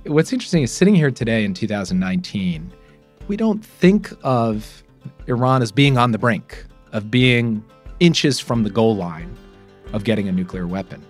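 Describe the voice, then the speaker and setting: A man interviewed as a former official, explaining diplomacy in a measured way. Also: lowish voice, expressive, faint music behind.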